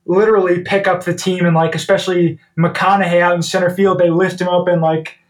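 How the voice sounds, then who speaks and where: High-voiced man rambling about a movie. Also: little pitch movement, brisk, far from the mic. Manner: rambling, many "like" and "you know" fillers. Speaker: podcast co-host. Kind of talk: casual movie discussion.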